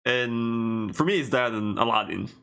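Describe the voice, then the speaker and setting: Bright-voiced animated man co-hosting a podcast. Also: mid-range voice, measured pace, gravelly, clean tone. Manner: animated, restarts often, laughs easily. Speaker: podcast co-host. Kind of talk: casual chat.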